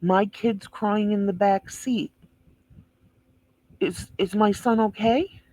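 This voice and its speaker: A woman's voice: medium pitch, steady tone, takes it slowly, dark tone, no room sound, low-quality recording. A woman giving blunt, scornful commentary over video footage, swearing freely and sounding indignant. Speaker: reaction video host.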